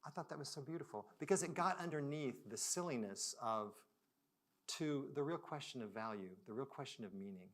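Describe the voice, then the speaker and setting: A man speaks at a corporate summit in a mid-range voice, telling personal stories in a relaxed, conversational way. He drops to near-quiet for reflective moments, then rises loudly for emphasis. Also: mid-range voice, brisk. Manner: conversational, dramatic swings between soft and loud. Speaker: conference speaker. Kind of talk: storytelling keynote talk. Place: virtual summit talk.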